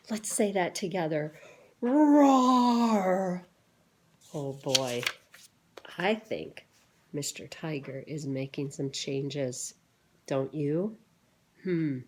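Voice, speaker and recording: A woman, a teacher, reading a picture book aloud to children, gently pausing to ask questions and wonder aloud. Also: low voice, slight background noise.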